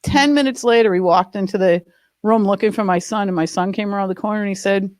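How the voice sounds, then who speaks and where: A woman's voice: mid-range voice, fast, a little mellow, no echo. A woman sharing a personal story in a spiritual group, emphatic and earnest. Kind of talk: personal testimony.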